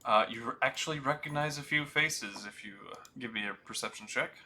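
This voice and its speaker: A man's voice: mid-range voice, brisk, sharp tone, slight background noise. A young man acting as game master, narrating a tabletop game in a laid-back, self-deprecating way.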